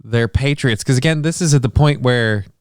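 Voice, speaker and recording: A man co-hosting a streamed talk show, dropping wry, deadpan quips. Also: medium pitch, moderate pace, clear, resonant tone, no echo, studio quality. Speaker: co-host.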